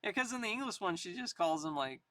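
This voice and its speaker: A live streamer chatting casually to viewers, thinking out loud and laughing often, a little out of breath. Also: medium pitch, lively intonation, quick pace, dry recording.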